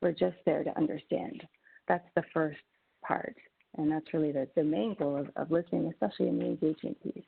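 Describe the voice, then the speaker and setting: Gravelly woman on a tinny webinar line. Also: sits low, steady tone, brisk. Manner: conversational, with frequent restarts. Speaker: webinar presenter, social worker. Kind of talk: teaching webinar talk. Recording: tinny phone-like webinar audio.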